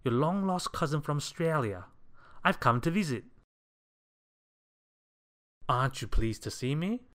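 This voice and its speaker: A man's voice: medium pitch, lively intonation, slow pace, fairly bright tone. A man voicing a clumsy, cheerful man who talks breezily.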